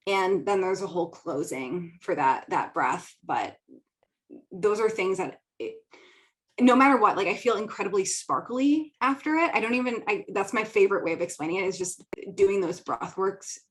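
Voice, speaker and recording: A woman's voice: fairly low pitch, low-quality recording. Chatty, giggly woman podcast host. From American Midwest. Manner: chatty, giggly, filler-heavy. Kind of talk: casual solo talk. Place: home studio.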